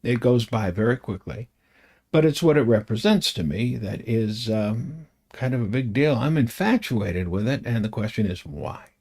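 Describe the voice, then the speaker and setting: A man's voice: medium pitch, lively intonation, moderate pace, darkish tone, slightly rough. An older man talking to his camera at home in a chatty, meandering, self-deprecating way, with chuckling asides. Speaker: vlogger. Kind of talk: rambling casual monologue.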